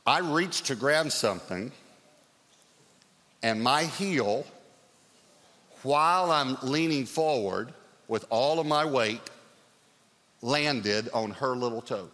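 A middle-aged man preaching a sermon as pastor, telling stories in an animated, lively way. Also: medium pitch, slow, pauses often. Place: church sanctuary. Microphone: stage mic. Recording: long hall reverb.

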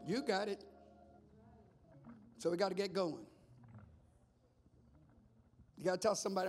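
A man preaches with a strikingly high, gravelly voice. He swings between quiet asides and shouted calls for the congregation to answer back. Faint music plays underneath. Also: brisk, long pauses. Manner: preaching with rising shouts and call-and-response. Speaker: pastor. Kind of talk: sermon.

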